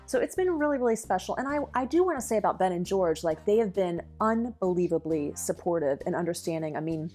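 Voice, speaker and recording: A woman's voice: fairly low pitch, animated, fast talker, hardly any pauses, warm tone, faint music behind. A middle-aged woman, a lactation consultant and dietitian, speaking earnestly and eagerly as a podcast guest. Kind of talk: podcast interview.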